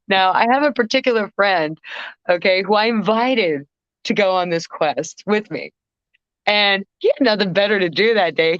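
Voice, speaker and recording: An animated woman tells a story on a podcast, cursing and often restarting her sentences. Her voice sits at a middle pitch. The recording is dry and slightly dull. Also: dry recording. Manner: animated, swearing, self-interrupting. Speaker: guest vocalist.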